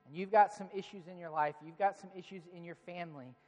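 A man in his thirties preaching a sermon, telling stories about his children and acting out their lines with animated voices. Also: high-pitched, fast. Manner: storytelling, animated when quoting his kids. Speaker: pastor. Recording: long reverb of a large hall.

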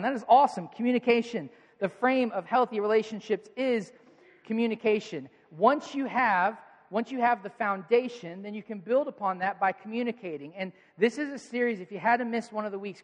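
With a high-sitting voice and cut-off highs, a thirty-something pastor gives a sermon in a church auditorium full of people, telling family stories earnestly and conversationally. A long hall reverb trails the audio.

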